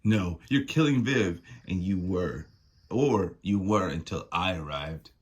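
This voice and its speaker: A man's voice: low voice, expressive, slow pace, husky, voice pushed down, heavily acted. A man reading the lines of a determined female sorceress hero, stern and threatening. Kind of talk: reading comic dialogue aloud.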